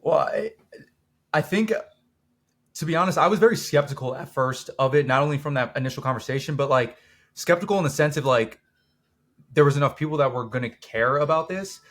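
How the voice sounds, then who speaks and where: A man's voice: on the high side, a little fast, a bit bright. A young man, the guest on a podcast, talking casually and rambling with many fillers and restarts. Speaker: documentary co-producer, guest. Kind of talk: casual interview chat.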